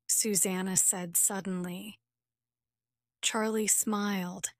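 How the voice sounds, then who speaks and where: Slow, dry-voiced woman reading a story. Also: mid-range voice, little pitch movement, no echo. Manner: slow, carefully clear reading for learners. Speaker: narrator. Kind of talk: graded reader story narration.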